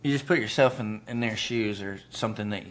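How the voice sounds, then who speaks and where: A man who is a podcast guest, speaking in a measured, thoughtful way in casual chat. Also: fairly low pitch. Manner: measured, thoughtful, clears throat.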